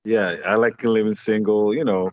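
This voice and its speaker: A man's voice: on the low side, steady tone, moderate pace, darkish tone, no room sound, dull audio. A man in a casual chat, easygoing.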